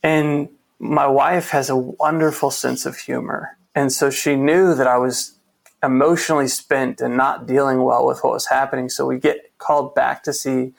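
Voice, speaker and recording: A man's voice: medium pitch, little pitch movement, moderate pace, creaky. A man guest in a conversation, telling a personal story in an earnest, reflective way, often restarting his sentences. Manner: earnest, reflective, with frequent restarts and quoted dialogue. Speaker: interview guest.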